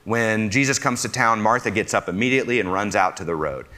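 A man's voice: on the low side, fairly quick, pushed and bright. A man preaching a conversational sermon. He asks his listeners questions and counts himself among them as a fellow "fixer.".

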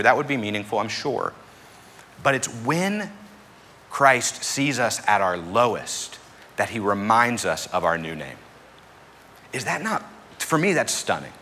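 A man preaching a sermon in a conversational style, pushing hard on key words and then dropping back to a quieter tone. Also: on the low side, slight background noise. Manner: conversational preaching with emphatic rises. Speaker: pastor.

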